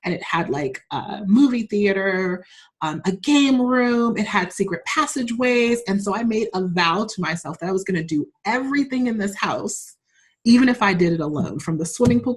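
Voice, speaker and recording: A woman's voice: medium pitch, animated, fairly quick. A woman guest in a casual interview, telling personal stories with frequent laughs and open emotion. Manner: warm, laughing, openly emotional storyteller.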